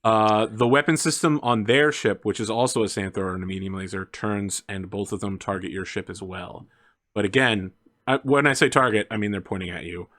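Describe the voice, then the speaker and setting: A man's voice: fairly low pitch, brisk, fairly bright tone, dry recording, clean studio sound. A man narrating as game master, in a casual, joking way with many fillers.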